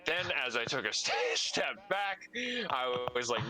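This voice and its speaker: A man's voice: medium pitch, big pitch swings, moderate pace, sharp tone, soft background music, poor audio. A young man co-hosting a podcast, telling a story in a casual way and swearing freely. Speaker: podcast co-host.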